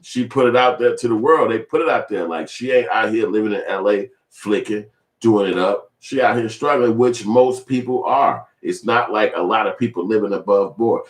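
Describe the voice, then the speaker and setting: Commenting on a celebrity feud, this vlogger speaks at a moderate pace in a fairly low voice. He's casual and profane, wanders off on tangents, and impersonates other people. The recording has a roomy echo.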